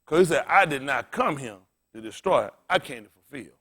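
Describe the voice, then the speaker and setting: A man's voice: mid-range voice, expressive, a little fast, fairly bright tone. A man preaching a sermon as pastor in a plain-spoken, folksy way, calling out to the congregation and asking it questions as he restates scripture.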